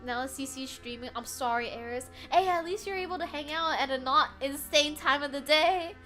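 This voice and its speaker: Bright, high-voiced woman streamer. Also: moderate pace, faint music behind. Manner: animated, laughs often, swears freely. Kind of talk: casual chat.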